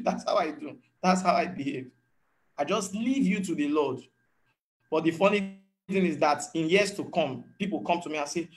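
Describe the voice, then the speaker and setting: A man preaches in a fairly high voice. He speaks as a pastor teaching his congregation, in an earnest tone. He often acts out what others said to him. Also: fairly quick. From Nigeria. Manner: earnest teaching tone, slips into acted quotes. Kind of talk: sermon.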